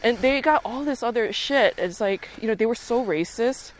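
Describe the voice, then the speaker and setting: A woman in her thirties, a podcast guest, talking in blunt, profane, animated casual chat. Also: fairly high pitch, moderate pace, poor audio.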